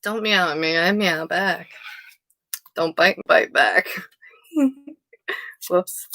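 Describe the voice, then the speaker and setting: A woman's voice: lowish voice, drawn-out words, creaky, bright, forceful tone, dry recording, low-quality recording. A woman giving a casual live tarot reading, rambling and easily sidetracked. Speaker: tarot reader.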